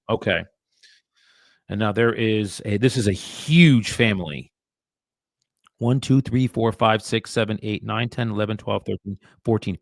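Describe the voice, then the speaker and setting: Real estate guy on a live stream, low gravelly voice, chatty mutters to viewers, dry sound. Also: no echo. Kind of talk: live-streamed cold calling with commentary.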